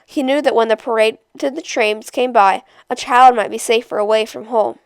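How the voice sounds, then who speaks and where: A woman reading a novel aloud chapter by chapter, in a steady, measured storytelling voice. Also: a little high, clean tone, no room sound. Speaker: storybook reader.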